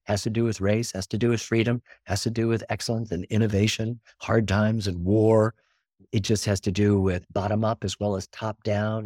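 Older man, earnest, expansive, repeats words, low voice, dry recording. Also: darkish tone, dry recording. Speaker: documentary filmmaker. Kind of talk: reflective interview talk.

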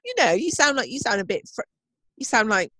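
A woman's voice: a little high, sing-song, fairly quick, sharp tone, dry recording. A woman co-hosting a podcast in casual chat, playful and incredulous, laughing a lot. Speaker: podcast co-host.

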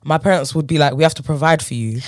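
A woman's voice: deep voice, fast, no room sound, clean studio sound. A young woman, co-hosting a podcast in casual, laugh-filled chat and swearing freely. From England. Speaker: podcast co-host.

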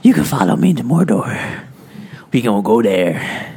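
A man's voice: medium pitch, sing-song, vocal fry, a little mellow, slightly rough, voice pushed down, heavily acted. A man voicing Gollum as a sly, slangy cave creature in improvised comedic role-play. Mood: drawling. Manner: slow drawling, slangy. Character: sly low drawling cave creature, male.

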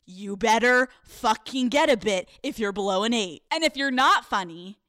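A woman's voice: a little high, expressive, moderate pace, a bit bright, dry recording, studio quality. A woman hosting a podcast, telling stories in a brash, profanity-laced comedic monologue. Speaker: podcast host.

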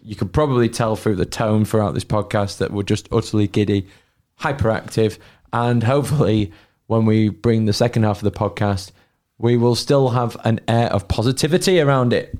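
A man's voice: fairly low pitch, normal speed, a little mellow. A man hosting a football podcast, upbeat and steering the segments. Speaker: podcast host. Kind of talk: casual podcast hosting with read ad.

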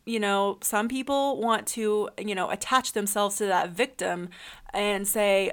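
A woman with a clear, resonant, mid-range voice talks at a measured pace. Her reflective spiritual self-help monologue, delivered podcast-fashion, is full of earnest questions to the listener and fillers like um and you know.

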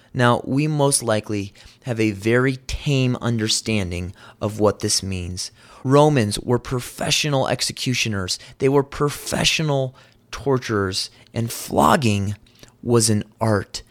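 An earnest man preaching a sermon in a voice of ordinary middle pitch for a man. He reads scripture aloud and explains it with emphasis, posing rhetorical questions and slowing to linger on vivid details.

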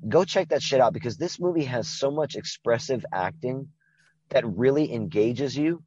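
A man with a husky, breathy voice chats casually on a podcast, retelling a film with plenty of profanity and tangents. The recording is dry and close, with a slightly muffled, dull tone. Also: mid-range voice, normal speed, dry recording. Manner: profane, rambling, animated retelling. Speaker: podcast co-host. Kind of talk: casual movie-review chat.

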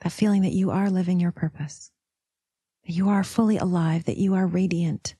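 A woman podcast host leading a slow, soft guided meditation, sometimes dropping into a whisper and calling the listener sister. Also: lowish voice, fairly even intonation, breathy edge, no echo, studio quality. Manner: calls listener "sister", affirmations.

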